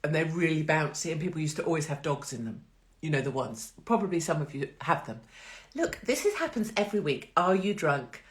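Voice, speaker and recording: A woman's voice: sits low, animated, brisk. A middle-aged woman hosting a casual live-stream chat, talking in a chatty, blunt, sarcastic way and laughing often. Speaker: host.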